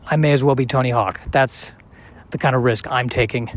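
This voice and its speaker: A man in his forties hosting a podcast, rambling and thinking out loud as he walks outdoors, musing and questioning himself with many halting restarts. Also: mid-range voice, fairly even intonation. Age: 40s. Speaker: podcast host. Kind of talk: casual rambling monologue while walking outside. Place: outdoors, walking on a sidewalk.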